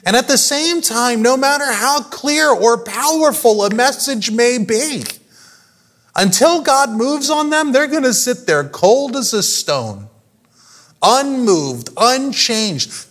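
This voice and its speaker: A man preaching a sermon in a high, lively voice that swoops up and down. He speaks at an unhurried pace, throws rhetorical questions at the congregation and breaks into laughter often. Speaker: pastor.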